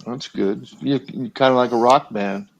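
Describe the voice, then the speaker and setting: A man's voice: medium pitch, moderate pace, vocal fry, highs cut off. A man in a casual group chat, teasing the others with dry humor.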